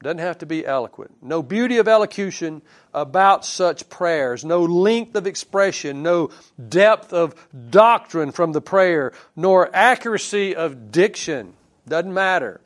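A man preaching a sermon, earnest and unhurried, rising on key phrases and dropping low after. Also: animated.

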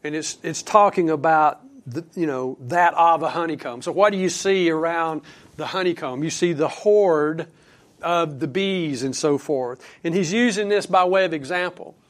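A man preaching a sermon, who slows down and lifts his voice to read scripture and drops quiet for asides to the congregation. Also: on the high side.

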